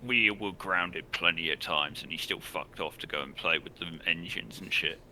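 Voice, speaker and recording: A man's voice: deep voice, normal speed, bright, forceful tone, a little hiss or hum. A man voicing a blunt, foul-mouthed teenage girl in a tabletop game. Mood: exasperated. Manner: swears bluntly.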